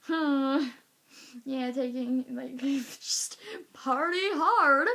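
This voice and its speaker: A woman with a high voice tells a story to her camera in a casual vlog. She is animated and acts out each reaction, scattering "like" through her sentences. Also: very slow. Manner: animated, acting out reactions, lots of "like". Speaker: vlogger.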